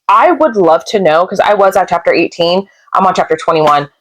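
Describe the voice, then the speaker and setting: A woman's voice: fairly low pitch, lively intonation, fast, few pauses, poor audio. A young woman, a mother, chatting casually and emotionally about books she's read in a rambling vlog. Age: young adult. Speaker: book vlogger. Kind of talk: casual reading vlog chat.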